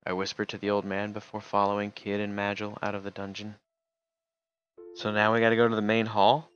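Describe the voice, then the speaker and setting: A man's voice: on the low side, monotone, brisk, a bit bright, smooth, lo-fi sound. A man streaming, reading a text game aloud and casually remarking between passages. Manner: casual, reads narration then remarks.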